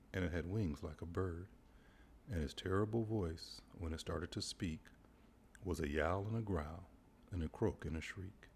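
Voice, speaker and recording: Man, bedtime story reading, slow, gravelly, rhythmic, faint hiss. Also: low-pitched, darkish tone. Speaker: father reading aloud.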